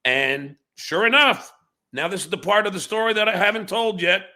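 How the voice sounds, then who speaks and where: A man's voice: high voice, animated, normal speed, bright, forceful tone. A middle-aged man hosting a livestream, telling stories and talking politics with lots of swearing and stammering restarts. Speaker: livestream host. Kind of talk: political chat and storytelling.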